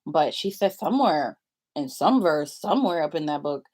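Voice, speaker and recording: A woman's voice: low-pitched, animated, normal speed, darkish tone. A young woman vlogging in a rambling confessional chat, full of filler likes and laughing often.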